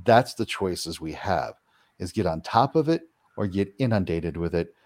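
A man being interviewed, answering in an expressive voice with a wide, lively pitch range. He acts out the reactions he describes in quick voiced asides. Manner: animated, acts out quoted reactions with big pitch jumps. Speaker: paranormal house-clearing practitioner, guest.

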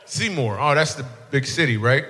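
A man's voice: mid-range voice, lively intonation, moderate pace, sharp tone. A male stand-up comedian doing crowd work on stage, teasing audience members in a playful way and laughing at his own jokes. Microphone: handheld stage mic. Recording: long hall reverb, faint room noise.

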